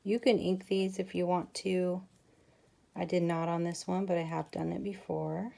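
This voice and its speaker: A woman's voice: fairly low pitch, flat delivery, moderate pace, creaky, mellow. A woman hosting a craft tutorial, chatting casually with viewers as she works. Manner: chatty, talks to viewers while working. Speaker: crafting channel host.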